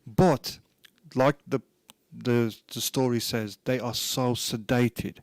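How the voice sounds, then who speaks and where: A man's voice: medium pitch, steady tone, takes it slowly, no room sound. A man co-hosting a radio show, reading out news items in a jokey, casual way, recorded dry in a studio. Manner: jokey, reads news snippets aloud. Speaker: radio co-host.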